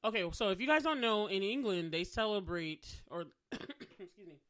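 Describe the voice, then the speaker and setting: A woman with a bright, forceful voice co-hosts a casual podcast chat. She talks in long, animated runs and laughs often. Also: mid-range voice, moderate pace. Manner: chatty, animated, laughs while mimicking accents. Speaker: podcast co-host.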